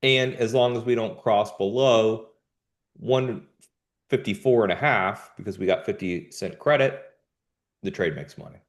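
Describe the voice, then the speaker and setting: A man's voice: fairly low pitch, unhurried. A man hosting a live trading show, giving casual market commentary in jumpy bursts with slangy asides. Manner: animated, jumpy delivery with sudden emphatic bursts.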